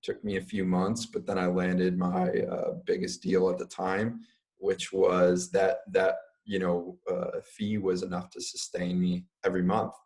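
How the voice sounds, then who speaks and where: A young man answers interview questions in a loose, casual way, leaning on "um" and "like". His voice sits low and deep. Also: level tone, measured pace, darkish tone. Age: young adult. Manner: casual, filler-heavy, uses "like" often. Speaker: guest.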